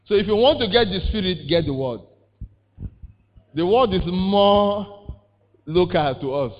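A man, preaching a sermon in call-and-response style, repeating words and prompting the congregation with questions. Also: on the high side. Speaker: pastor. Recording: reverberant, muffled sound.

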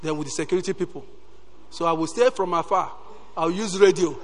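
High-voiced preacher in a reverberant hall. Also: male voice, brisk. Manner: animated, peppers talk with "Hallelujah". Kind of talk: sermon.

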